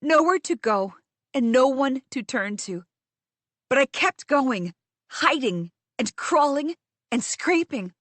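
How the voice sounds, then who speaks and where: A woman reading a first-person fantasy audiobook in a measured, tense way, close to the mic. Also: sits high, expressive, fairly bright tone, no echo. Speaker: audiobook narrator.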